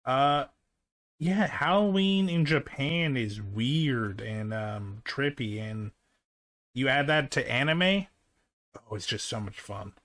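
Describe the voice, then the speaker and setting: A man's voice: medium pitch, slow pace, a bit bright. A man hosting a casual reaction video, enthusiastic and casually profane.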